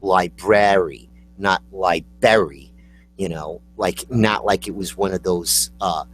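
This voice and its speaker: A man's voice: low voice, steady tone, measured pace, fairly bright tone, a little hiss or hum. A man chatting casually about word pronunciations, joking and drawing out the words he spells.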